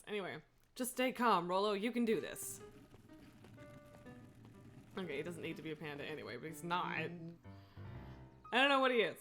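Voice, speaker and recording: A woman's voice: fairly low pitch, pushed and bright. A woman streaming a story game live, chatting and giggling as she reacts aloud.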